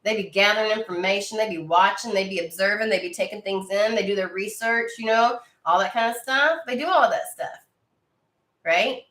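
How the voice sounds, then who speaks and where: Woman, tarot reader, casual and profane, mid-pitched, roomy echo. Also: moderate pace, a bit bright. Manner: blunt and profane, talks to viewer directly. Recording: echoey room.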